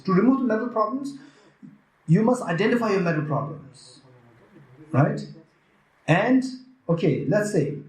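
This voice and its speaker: A man with a Tibetan accent giving a Buddhist teaching at a retreat, questioning the audience and acting out what other people might say. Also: high-pitched. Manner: lively, questions the audience, acts out quoted voices. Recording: echoey room.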